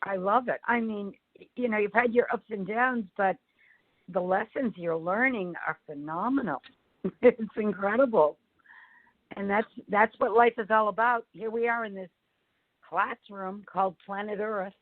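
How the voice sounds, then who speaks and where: A woman co-hosting a casual interview, speaking with warm enthusiasm. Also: medium pitch, moderate pace, dry recording. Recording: tinny call line, dry.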